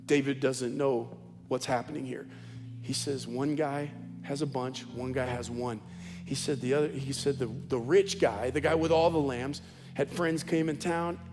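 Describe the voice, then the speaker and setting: A man's voice: a little high, fairly even intonation, normal speed, darkish tone. Male pastor preaching, repeats stuff for emphasis, big echoey church with music going underneath. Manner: emphatic storytelling with heavy repetition. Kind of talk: sermon. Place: church auditorium.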